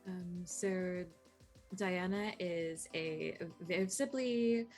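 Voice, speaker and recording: A woman player in a tabletop role-playing game, describing her character's look slowly and calmly. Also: on the low side, soft background music.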